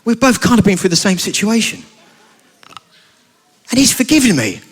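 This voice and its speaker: A British man voicing a frustrated young male egg with a squeaky, fretful voice. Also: sing-song, moderate pace, husky, exaggerated voice. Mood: sheepish.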